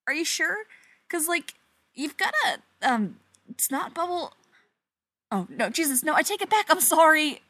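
Woman reading a flustered, wisecracking young woman; babbling, lively swoops, dry close sound. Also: sits high, measured pace, long pauses, no echo, voice pushed up, full character voice. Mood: panicked. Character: frantic, babbling young woman, awkward and sarcastic.

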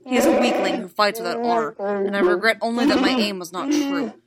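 A woman reading a story aloud and voicing a furious, vengeful male Wookiee warrior who shouts his threats. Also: fast, a loud crowd, close to an everyday voice. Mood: enraged. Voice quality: booming, shouted. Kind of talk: audiobook reading.

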